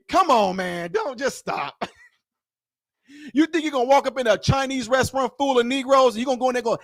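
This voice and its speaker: A man doing reaction commentary on a video, teasing and animated, repeating his lines for effect. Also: very high voice, a little fast, no room sound, studio quality.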